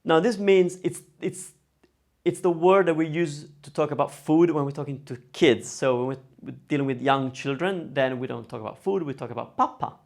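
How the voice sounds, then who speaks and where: A man teaching pronunciation in a casual video lesson, saying each word slowly and repeating it. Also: on the high side, vocal fry, darkish tone. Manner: demonstrates words slowly and repeats them. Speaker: Italian language teacher.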